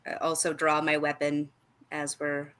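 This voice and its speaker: A woman's voice: low voice, monotone, unhurried, fairly bright tone, clean tone. A woman playing in a tabletop game, chatting playfully with lots of fillers. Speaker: player. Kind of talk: tabletop role-play chat.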